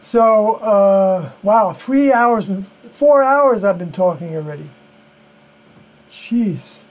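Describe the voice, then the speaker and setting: Man, high voice, rambling solo live-stream talk, halting with fillers, mains hum under it. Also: expressive, poor audio. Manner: halting, many fillers and unfinished sentences.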